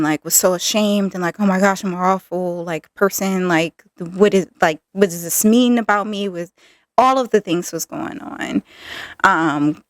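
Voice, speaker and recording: A woman hosting her own podcast, telling a personal story candidly with many fillers and lively acted-out quotes. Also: mid-range voice, dry recording, studio quality. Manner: candid, filler-heavy, animated retelling. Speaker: podcast host.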